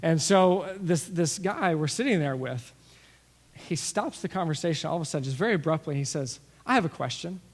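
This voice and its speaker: Pastor guy telling stories in his sermon, voice a bit high, big hall echo. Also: normal speed. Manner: storytelling, animated with asides and acted-out quotes. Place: church sanctuary. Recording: long reverb of a large hall.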